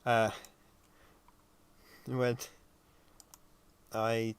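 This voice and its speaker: A weary man talks through his animation work on a livestream, his medium-pitched voice easygoing and unhurried. He thinks out loud, pausing and filling gaps with ums as he goes, and sounds worn out. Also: monotone, slight background noise. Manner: thinks aloud, halting with ums while working. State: tired and yawning. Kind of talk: casual livestream commentary.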